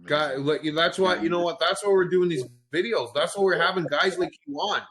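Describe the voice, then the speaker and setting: A man's voice: fairly high pitch, brisk, a bit bright, husky. A man hosting a casual crypto call, rambling and joking with frequent laughs. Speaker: host.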